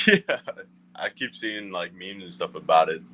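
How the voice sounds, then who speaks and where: A man's voice: low-pitched, expressive, unhurried, fairly bright tone. A young man from Southern Maryland, a baseball player, giving easygoing, short answers in an interview. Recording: faint background noise.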